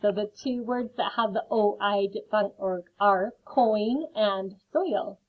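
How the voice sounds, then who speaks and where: A woman leads a children's phonics lesson, stretching out each sound slowly and dropping in friendly asides. Her voice sits at a middle pitch. The audio is thin and tinny, like a phone line. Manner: slow, carefully sounds out words. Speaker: teacher.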